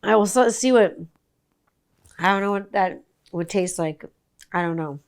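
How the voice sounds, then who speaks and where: Woman, forties, podcast host, profane, sarcastic, smooth clear voice. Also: mid-range voice, a little slow. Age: 40s. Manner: animated, sweary, sarcastic ranting. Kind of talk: casual profane monologue.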